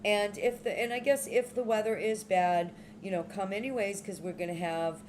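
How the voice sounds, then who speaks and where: A woman's voice: mid-range voice, moderate pace, a little mellow, a little hiss or hum. A woman co-hosting a casual chat podcast, talking in a laid-back, rambling way with many ums and self-corrections. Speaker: podcast co-host.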